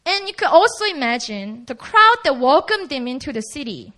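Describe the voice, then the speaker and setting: Animated woman preaching, bright and lively. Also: high voice, moderate pace. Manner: animated, conversational, acts out quoted lines. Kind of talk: sermon.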